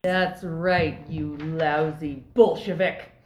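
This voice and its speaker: A woman's voice: deep voice, steady tone, a little mellow, faint music behind. A woman reading the part of a zealous female police officer in a play read-through, bossy and suspicious, in a roomy echo. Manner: bossy, suspicious, slow and emphatic.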